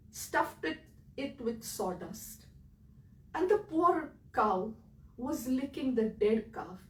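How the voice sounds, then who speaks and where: A woman with an Indian accent, telling her own story in an earnest, emotional way that swings between loud and quiet. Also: on the high side, reverberant, distant mic, rough recording. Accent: Indian English. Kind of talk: personal storytelling talk.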